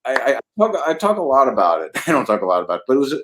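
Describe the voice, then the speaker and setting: Racing along in a mid-range voice, an older man from New Jersey who writes comedy tells stories in casual chat. He animatedly acts out the voices of the people he quotes and chuckles often.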